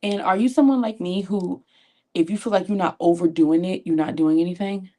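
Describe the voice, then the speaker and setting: A woman's voice: on the low side, fairly quick, dark tone. A woman vlogger and consultant doing her makeup at her home vanity, talking in a chatty, encouraging way, full of folksy asides. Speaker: beauty vlogger and sales consultant. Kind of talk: chatty motivational talk while doing makeup. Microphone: tablet camera at her vanity.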